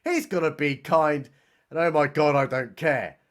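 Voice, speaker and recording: A man's voice: on the high side, unhurried, a bit bright, pitched below the performer's own voice. A man voicing a naive young woman from a bad movie, with airy, vapid delivery.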